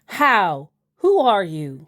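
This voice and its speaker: A woman voicing a pushy male scammer who poses as a celebrity's assistant and writes in broken English, reading his messages aloud with slow, insistent emphasis. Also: mid-range voice, wildly swooping pitch, fairly bright tone, voice pushed up, heavily acted. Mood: angry.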